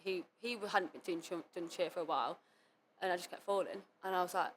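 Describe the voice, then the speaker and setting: A young adult woman speaking as a podcast guest, telling her story candidly in quick run-on sentences full of "like". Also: fairly low pitch, steady tone, a little hiss or hum. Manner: fast, run-on speech full of "like" and quoted self-talk. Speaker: podcast guest, competitive cheerleader. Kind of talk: candid interview talk.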